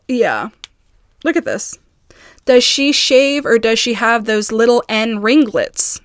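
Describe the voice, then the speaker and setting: A woman vlogger in a casual video, reading messages aloud in quick bursts and breaking off in agitated, halting asides. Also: a little high, no room sound, clean studio sound. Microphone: phone.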